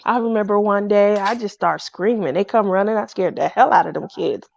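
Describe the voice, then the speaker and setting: A woman telling a personal story in a casual, animated way. She acts out the people she quotes in a loud voice. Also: medium pitch, a little fast, gravelly, no room sound. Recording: dull, dry lo-fi recording.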